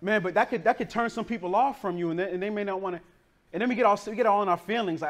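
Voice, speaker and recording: Man, pastor, high-pitched, conversational sermon, streetwise slang, lively storytelling, from the northern US. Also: racing. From northern United States.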